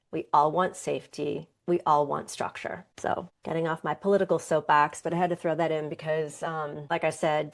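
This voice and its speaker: Low-voiced woman hosting a wellness podcast. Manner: earnest, conversational, with occasional laughs. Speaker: podcast host and yoga teacher. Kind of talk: reflective wellness talk.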